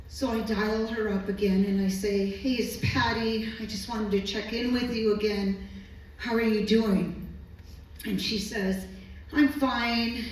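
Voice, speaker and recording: Woman storyteller, medical interpreter, earnest and emotional, unhurried, distant mic in a reverberant hall. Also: mid-range voice, a little mellow. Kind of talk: live personal storytelling. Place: stage at a live storytelling evening.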